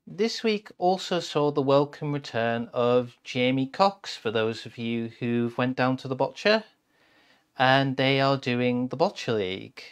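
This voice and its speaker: A man's voice: mid-range voice, measured pace, smooth. A man co-hosting a community live stream, who reads out the schedule and introduces a picture book in a playful, self-mocking way. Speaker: co-host.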